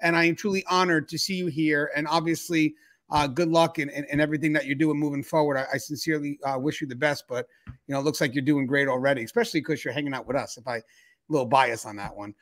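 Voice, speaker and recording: A man's voice: fairly high pitch, lively intonation, fast, fairly bright tone. A man hosting a live-streamed talk show, upbeat and chatty as he greets viewers and steers the panel. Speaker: show host.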